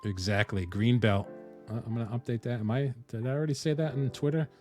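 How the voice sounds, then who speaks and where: A man from the Northeastern US streaming live, chatting casually with viewers and thinking aloud with frequent pauses. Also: medium pitch, steady tone, darkish tone, soft background music. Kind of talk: casual live-stream chat while coding.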